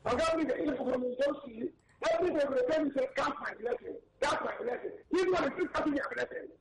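A man's voice: very high-pitched, fast. Man, Nigerian accent, rambling radio caller, echoey line, faint noise. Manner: excitable, rambling, emphatic. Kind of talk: phone-in call.

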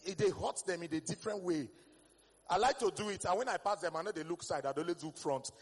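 A Nigerian man with a Nigerian accent doing a stand-up comedy set, telling stories in Pidgin-flavored English with sudden bursts of shouting. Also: high-pitched, fairly quick, husky, in a large hall.

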